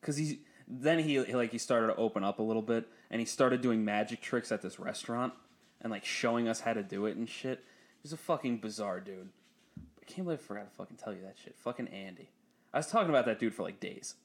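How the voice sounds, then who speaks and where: A man's voice: fairly low pitch, fast talker. A young man telling a story in casual chat, swearing freely and laughing often, his voice jumping up when he quotes people. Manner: profane storytelling, laughs often, animated when quoting others.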